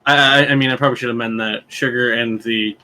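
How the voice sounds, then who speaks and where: A man's voice: mid-range voice, fairly even intonation, fast talker, pushed and bright, slight background noise. A man player chatting casually during a tabletop game break, joking and chuckling, with stumbling restarts.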